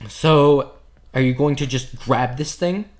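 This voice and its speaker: A man narrating as game master at a tabletop game, describing scenes in a loose, joking manner. His voice sits at a middle pitch for a man. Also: unhurried.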